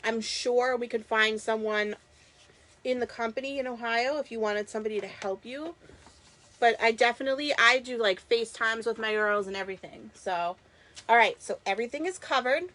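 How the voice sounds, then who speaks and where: A woman with a Boston accent and a slightly high voice hosts a live craft stream. She chats eagerly and casually with her viewers as she works with her hands. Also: moderate pace, fairly bright tone. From Massachusetts. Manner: chatty and enthusiastic, talks to viewers while working. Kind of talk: live craft demo chat.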